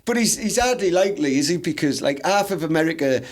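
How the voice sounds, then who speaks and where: Teesside bloke with a pretty high voice rambling on a comedy podcast, sweary. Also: male voice, lively intonation, quick pace. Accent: Teesside English. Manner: rambling, sweary, laughs a lot. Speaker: podcast co-host. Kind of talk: casual comedy chat.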